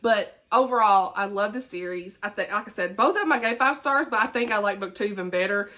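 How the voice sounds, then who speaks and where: A woman's voice: mid-range voice, a little fast, pushed and bright. A woman with a Southern US accent chatting casually as a book vlogger, laughing often and dropping folksy asides. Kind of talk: casual chat.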